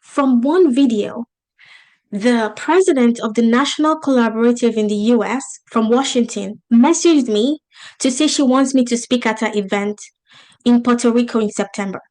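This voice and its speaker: A woman's voice: fairly high pitch, moderate pace, a little mellow. A woman with a non-native English accent, teaching a business webinar in an emphatic, motivational style, asking the audience rhetorical questions. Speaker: business coach. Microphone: video call.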